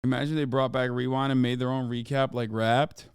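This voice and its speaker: A man's voice: mid-range voice, little pitch movement, a little fast, clean tone, no echo. A man streaming live, reacting casually on a close mic in a profane, incredulous, off-the-cuff way.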